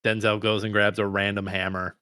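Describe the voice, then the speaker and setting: A man co-hosting a movie podcast, chatting casually with wry, profane, animated reactions. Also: on the low side, brisk, smooth, no room sound, studio quality. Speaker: podcast co-host. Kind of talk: casual movie review chat.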